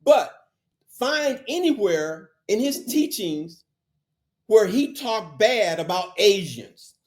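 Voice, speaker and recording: Man host, high animated voice, insistent and forceful, keeps cutting in to finish his point. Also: slow pace. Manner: forceful, insistent, repeats phrases to hold the floor. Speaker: podcast host. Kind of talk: heated debate.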